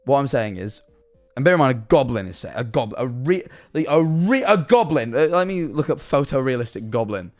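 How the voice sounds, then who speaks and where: A man's voice: mid-range voice, very animated, a little fast, few pauses, faint music behind. A young man chatting on a live stream, rambling through absurd hypotheticals and answering his chat. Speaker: livestreamer.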